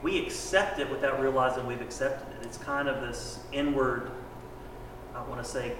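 A man's voice: mid-range voice, flat delivery, normal speed. Man, class discussion, reflective, far from mic, background noise. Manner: reflective, searching for words. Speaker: student in a Bible class. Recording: distant voice in an echoey hall.

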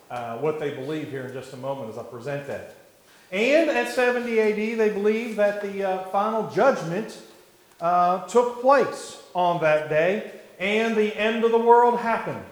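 A man teaching a church Bible class in a measured way, with many fillers and restarts, asking the class questions. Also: on the high side, roomy sound, rough recording.

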